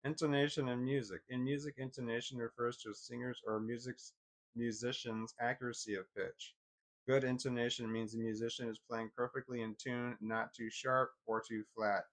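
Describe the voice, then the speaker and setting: A man casually thinking aloud, reading definitions off a screen in a halting, self-deprecating way. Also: medium pitch. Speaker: vlogger.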